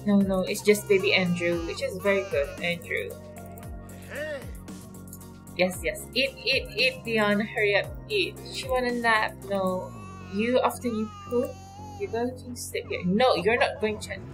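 A woman's voice: mid-range voice, a little slow, long pauses, poor audio. Chatty woman hosting a game commentary. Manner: chatty and excitable, laughs often and talks to the game characters. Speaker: gaming channel host. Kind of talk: casual let's-play commentary. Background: faint background music.

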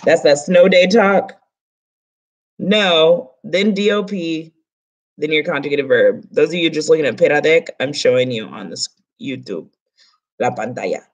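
A woman's voice: low-pitched, a little slow. A woman teaching Spanish grammar in an online class, explaining it step by step in a casual way.

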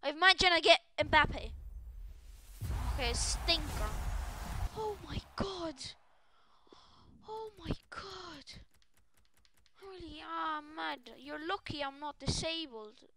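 Young female streamer, shrieky and excitable, very high voice, slow unhurried delivery. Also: a little hiss or hum. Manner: shrieking, excitable, often breaks into shouts. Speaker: gaming streamer. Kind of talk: excited live pack-opening stream.

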